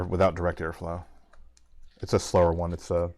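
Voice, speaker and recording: A man building a computer, talking quietly to himself as he works. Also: medium pitch, animated, slow, long pauses, a little hiss or hum. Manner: quiet self-talk, musing aloud. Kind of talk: casual muttering while working.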